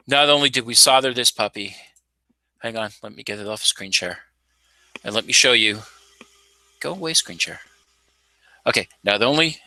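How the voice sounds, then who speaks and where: Playful gravelly man hosting a tinkering stream. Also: medium pitch, normal speed, long pauses, pushed and bright, no echo. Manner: playful, showman-like, mock announcer asides. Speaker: maker channel host. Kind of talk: casual live coding and tinkering commentary.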